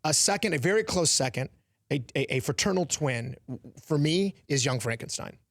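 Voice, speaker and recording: A lively man in his forties talking as an interview guest, his voice sitting a bit high and full of quick laughs and restarts. The studio sound is dry and close. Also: creaky, no echo. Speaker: actor and comedian, guest. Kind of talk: casual interview chat.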